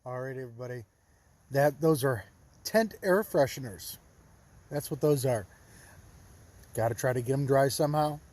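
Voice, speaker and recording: A man hiking a long trail, talking casually and warmly to his camera outdoors, upbeat and easily moved. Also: medium pitch, normal speed, long pauses, no room sound. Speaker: long-distance hiker vlogger.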